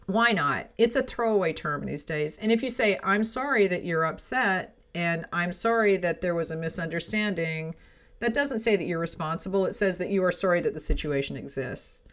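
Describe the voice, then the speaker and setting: A middle-aged woman hosts a home business podcast, offering frank, chatty advice peppered with "right?" and "okay?" asides. Her voice sits on the low side, expressive and a bit bright, at a normal speed, in casual advice talk.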